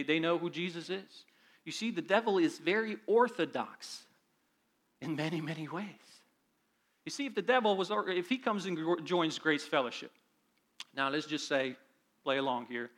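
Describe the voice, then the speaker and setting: A male pastor delivering a sermon in a higher, bright, forceful voice. He reads scripture with rising emphasis and talks straight to the congregation.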